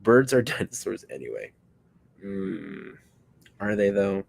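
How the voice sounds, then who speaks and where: A man with a low voice and a gravelly texture talks casually as he builds a puppet on a stream. He rambles and cracks jokes between answers to viewers. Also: sing-song, takes it slowly, a little hiss or hum, rough recording. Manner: rambling, joking, answering chat. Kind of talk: casual chat while crafting.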